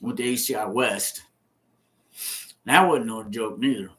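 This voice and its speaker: In a medium-pitched, slightly bright voice at a measured pace, an ex-prisoner in his fifties casually tells his own story. He swears, repeats things, and acts out the scenes with sound effects.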